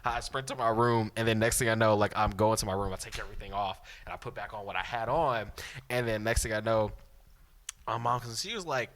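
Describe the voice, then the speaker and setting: A young man co-hosting a podcast, telling a funny story in an animated, laughing way. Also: on the low side, a little fast. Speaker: podcast co-host. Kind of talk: casual storytelling chat.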